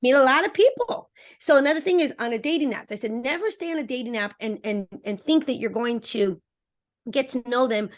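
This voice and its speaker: A woman dating coach talking as a podcast interview guest, energetic and emphatic, speaking straight to her listeners and acting out little voices. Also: fairly quick. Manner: acts out voices with expressive pitch swings.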